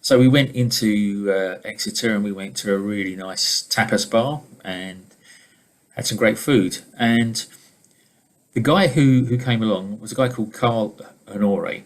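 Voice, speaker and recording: A middle-aged man, a leadership trainer and coach, giving an informal webinar presentation over a video call in a relaxed, conversational storytelling manner. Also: on the low side, a little slow.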